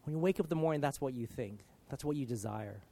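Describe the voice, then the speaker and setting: A man giving an informal, conversational sermon, earnest and full of casual filler, swinging from loud emphasis down to soft, hushed lines. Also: mid-range voice, expressive, fast, gravelly. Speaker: preacher.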